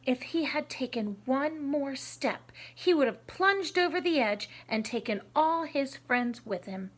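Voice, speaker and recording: A woman reading a children's story aloud, expressive, sometimes adding hushed asides to the listeners. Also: high voice, measured pace.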